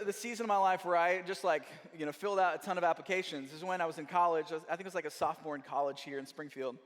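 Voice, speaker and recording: A young adult man giving a sermon as guest speaker, telling a story in a lively way and acting out the people in it. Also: fairly high pitch. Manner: animated storytelling with quoted voices. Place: church hall. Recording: church hall with long reverb.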